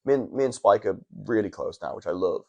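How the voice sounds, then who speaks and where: Low gravelly man telling stories. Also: expressive, a little fast, dark tone. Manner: rambling storytelling, frequent restarts and swearing. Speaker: wrestler, podcast guest. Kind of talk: casual chat. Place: hotel room.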